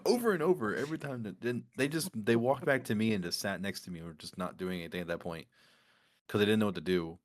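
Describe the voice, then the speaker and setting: A man casually telling a story among friends, animated and laughing often as he goes. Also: lowish voice, quick pace. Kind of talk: casual chat.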